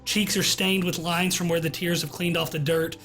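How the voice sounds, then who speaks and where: A man acting as game master, narrating a tabletop game in a relaxed, descriptive way over a voice call. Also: a little high, moderate pace, faint music behind. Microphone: online voice call.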